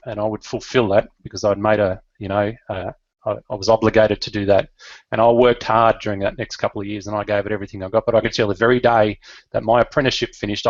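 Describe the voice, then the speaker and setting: A man's voice: fairly low pitch, dry recording, highs cut off. A middle-aged Australian man telling his life story in an earnest, emotional way, with fillers and restarts. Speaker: business leader.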